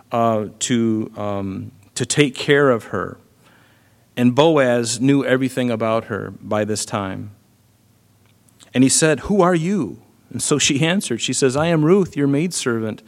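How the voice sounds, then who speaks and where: A man preaching a sermon in an earnest, conversational way, often filling pauses with "you know". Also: medium pitch. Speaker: pastor.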